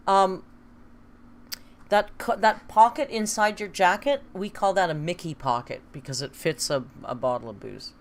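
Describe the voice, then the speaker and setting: A woman's voice: lowish voice, moderate pace. A woman hosting a casual live stream, joking, laughing often and swearing freely. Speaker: stream host.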